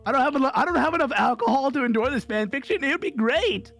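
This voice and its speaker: Raspy, high, lively streamer guest, joking and quick to leap into voices, faint music underneath. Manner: excitable and joking, slips into character voices. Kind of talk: casual chat on a live stream.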